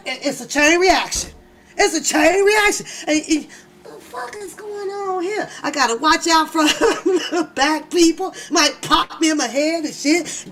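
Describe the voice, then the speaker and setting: High-voiced woman telling loud church stories. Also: slight background noise. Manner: animated, profane, laughs often. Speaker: channel host. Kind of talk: casual comedic storytelling.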